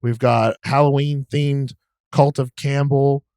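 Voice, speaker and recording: A man's voice: medium pitch, flat delivery, takes it slowly, darkish tone, clear, resonant tone, dry recording, studio quality. A man on a casual podcast, loosely rambling through upcoming episodes with fillers. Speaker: podcast co-host. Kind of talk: casual podcast promo chat.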